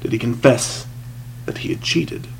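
A man's voice: unhurried, a little hiss or hum, poor audio. A man narrating a story from a script, with dramatic, shifting emphasis. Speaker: audiobook narrator.

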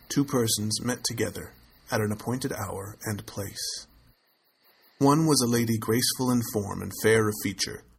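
Gravelly-voiced man reading a tale. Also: lowish voice, a little hiss or hum, rough recording. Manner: measured, steady storytelling. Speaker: narrator. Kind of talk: audiobook reading of a classic tale.

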